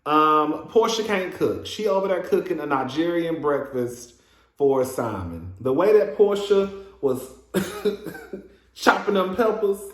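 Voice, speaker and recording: A man whose voice leans high takes his time, and the recording is reverberant. He dishes on a reality show episode in a sassy, gossipy way, animated, laughing often and calling out "girl."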